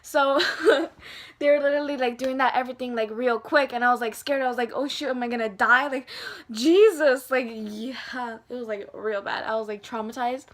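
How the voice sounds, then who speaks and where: A young woman telling a personal story in a casual vlog, animated and full of fillers. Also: on the high side, fairly quick, few pauses. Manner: animated, lots of fillers, acts out dialogue. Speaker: vlogger.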